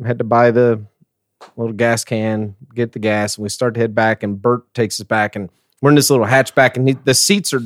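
A middle-aged man co-hosting a podcast, telling a story in a casual, animated way with frequent laughter. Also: medium pitch, normal speed. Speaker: podcast co-host.

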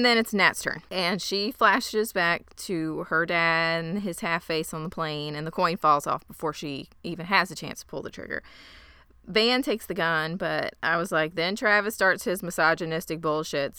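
Female co-host, snarky recap voice, smooth and bright. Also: lowish voice, no echo, clean studio sound. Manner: snarky, animated retelling. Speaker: podcast co-host. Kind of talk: casual recap chat.

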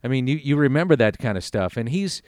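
Earnest man in smooth, dry podcast talk. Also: medium pitch, lively intonation, quick pace, darkish tone, no echo. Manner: earnest and reflective, lists details one by one. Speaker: sports broadcaster. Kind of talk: casual podcast chat.

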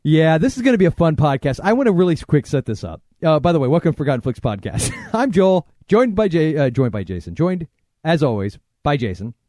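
A man's voice: fairly high pitch, sing-song, fairly quick, mellow, no echo, clean studio sound. A man co-hosting a movie podcast, bantering in a goofy, joking way. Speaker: podcast co-host. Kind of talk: casual movie podcast chat.

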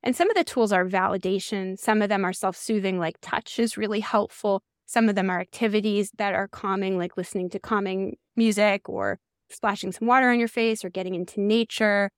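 A woman in her forties, a guest author explaining ideas in an animated podcast chat. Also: mid-range voice, brisk, clean tone, dry recording, clean studio sound. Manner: animated, uses many "like" fillers. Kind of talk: explanatory interview talk.

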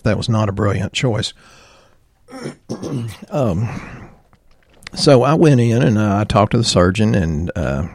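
A chiropractor, a man, telling a personal story in a halting way, with frequent ums and throat clearing. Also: deep voice, a little mellow, no echo.

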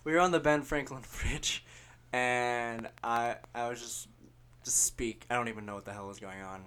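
A man's voice: mid-range voice, fairly even intonation, normal speed, a bit bright, a little hiss or hum. A man guesting on a casual podcast, telling rambling, self-deprecating stories with a jokey manner. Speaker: musician guest.

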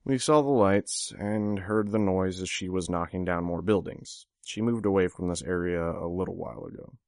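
A man's voice: deep voice, moderate pace, a little mellow, no room sound. Male reader as a bored, detached young man, audiobook voice, dry recording. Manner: offhand, detached. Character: distracted, disaffected young man.

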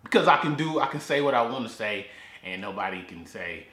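A man hosts his own podcast in a loose, rambling way, stumbling over and repeating words as he goes. His voice has a bright edge. He is recorded in a garage that leaves a clear echo on everything he says. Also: medium pitch, animated, a little fast. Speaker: podcast host. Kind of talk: casual solo podcast talk. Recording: echoey garage.

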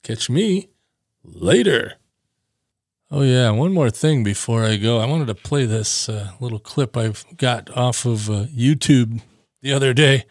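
A man's voice: mid-range voice, normal speed, dry recording, studio quality. A man hosting his own podcast, talking casually in a rambling way with many fillers. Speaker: podcast host. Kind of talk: casual solo podcast monologue.

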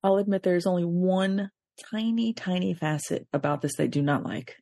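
A woman's voice: fairly low pitch, normal speed, creaky, mellow, dry recording, studio quality. A woman on a fan podcast panel, chatting casually and playfully, laughing as she talks. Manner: playful, laughs while talking.

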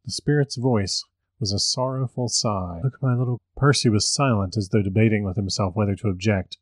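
A man who hosts a podcast, reading a story aloud in an even, measured way. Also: fairly low pitch, dry recording.

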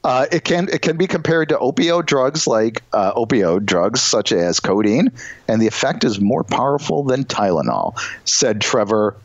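A man co-hosting a podcast, reading news items and cracking quick puns with many fillers. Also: medium pitch, lively intonation, no room sound, muffled recording. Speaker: podcast co-host. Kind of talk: casual comedic chat.

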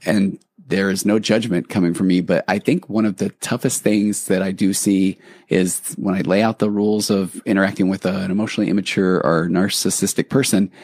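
A man's voice: deep voice, fairly even intonation, brisk, darkish tone, dry recording, clean studio sound. A man hosting a podcast, talking in an earnest, reassuring and reflective way, with conversational restarts. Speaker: podcast host. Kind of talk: casual podcast monologue.

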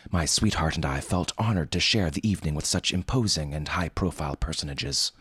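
Deep husky man narrating a wry story. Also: a little fast, fairly bright tone, dry recording, studio quality. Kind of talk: scripted fiction narration.

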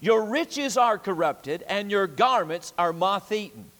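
A man preaching a sermon with a high, ringing voice and a drumming, repetitive cadence. His words hang in the long reverb of a church sanctuary. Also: expressive, unhurried, a bit bright. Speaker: pastor.

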